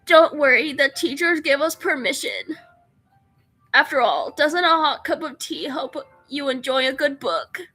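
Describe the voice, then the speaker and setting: A woman voicing a shy, polite, bookish teenage girl as she reads a visual novel aloud, speaking with soft, gentle reassurance. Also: high voice, animated, a little slow, no room sound, soft background music, voice pushed up, heavily acted.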